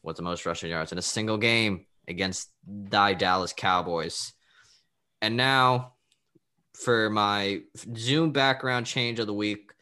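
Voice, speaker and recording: A man chatting on a sports podcast over a video call, upbeat and teasing. His voice sits low but sounds bright and forceful. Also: fairly even intonation, slow pace. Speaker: podcast co-host. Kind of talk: casual sports chat.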